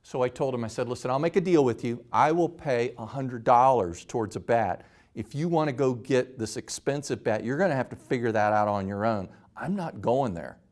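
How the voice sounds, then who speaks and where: A middle-aged man hosts his own talk and tells a personal story. He talks at a medium pitch and acts out the quoted lines with animation. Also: brisk, darkish tone. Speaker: host.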